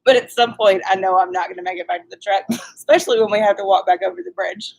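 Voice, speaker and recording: Laughing wife telling a story on herself. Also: female voice, medium pitch, fairly even intonation, quick pace, vocal fry, low-quality recording. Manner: laughs often, self-mocking storytelling. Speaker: co-host. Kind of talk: casual live chat.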